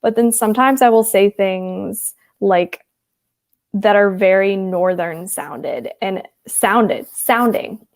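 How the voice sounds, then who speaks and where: A woman's voice: medium pitch, slow, gravelly. A woman in her twenties from Wisconsin with a Midwestern accent tinged with a Texas twang, chatting casually with viewers and rambling with lots of ums and likes. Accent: Upper Midwest American with some Texas Southern traces. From Wisconsin, USA. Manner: rambling and chatty, many ums and likes, reads out chat comments. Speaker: livestream host.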